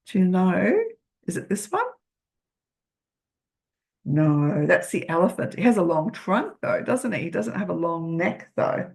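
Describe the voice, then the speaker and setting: An older woman reading a children's picture book aloud, gently asking the listener questions. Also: fairly low pitch, vocal fry.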